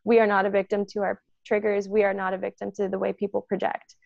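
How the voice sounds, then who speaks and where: A woman talking about energy and consent in a casual spiritual chat. She is animated and acts out the voices of the people she quotes, with a lot of "like" and "um". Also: mid-range voice, quick pace, gravelly, no echo, highs cut off.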